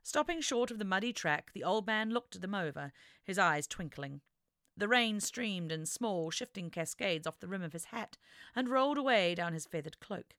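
A woman reading an adventure story aloud as narrator, with expressive, dramatic storytelling. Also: mid-range voice, moderate pace, no room sound, clean studio sound. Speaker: audiobook narrator. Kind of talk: scripted narration.

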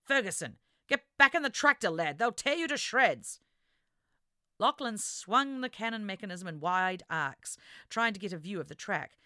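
A woman reading an adventure story aloud as narrator, with expressive, dramatic storytelling. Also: fairly low pitch, dry recording, clean studio sound. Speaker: audiobook narrator. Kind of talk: scripted narration.

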